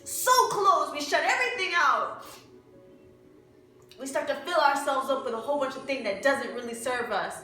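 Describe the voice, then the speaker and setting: A young woman with a high, bright voice tells a personal story with raw feeling, close to tears. She goes from hushed to loud and pleading. She sits away from the mic in a very echoey room, with faint music behind her. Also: normal speed, long pauses, recorded from a distance. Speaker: vlogger.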